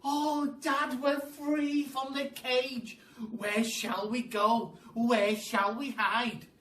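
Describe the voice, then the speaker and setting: A man voicing the little monkey children, squeaky and excitable. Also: very slow, a little hiss or hum, exaggerated voice. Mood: excited. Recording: echoey room, mic at a distance.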